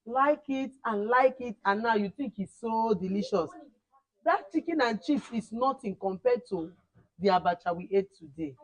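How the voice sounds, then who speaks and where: A woman teaching a class of children, animated and repeating words for emphasis. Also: mid-range voice, normal speed, rough recording. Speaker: camp teacher.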